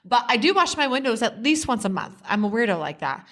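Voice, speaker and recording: A woman, co-hosting a podcast and telling stories in a lively, chatty way with lots of laughter. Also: on the high side, brisk. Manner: animated storyteller, laughs often. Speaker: podcast co-host. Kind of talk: casual chat.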